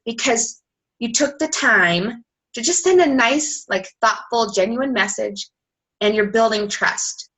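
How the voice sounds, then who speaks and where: Fast-talking bright-voiced woman coach. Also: on the high side, animated, poor audio. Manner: fast, chatty, lots of "like", acts out quoted messages. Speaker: sales team coach on a team call. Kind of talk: casual coaching talk.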